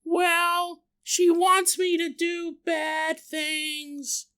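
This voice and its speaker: A man's voice: extremely high pitch, completely flat delivery, extremely slow, bright, forceful tone, voice pushed up, full character voice. A man voicing a frightened little girl who talks in broken, simple phrases. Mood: scared. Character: scared little girl talking in broken baby-speak.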